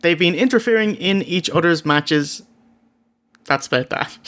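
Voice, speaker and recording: A man's voice: on the high side, expressive, unhurried, a bit bright. An Irish man co-hosting a wrestling review, reading a scripted recap with sardonic, jokey asides. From Ireland. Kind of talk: scripted comedic review narration.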